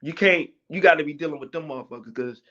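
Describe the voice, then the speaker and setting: A rambling man in who keeps hunting for words as he talks on a podcast. His voice sits somewhat high. The audio is dull and lo-fi. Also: quick pace, a bit bright. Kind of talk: rambling casual chat.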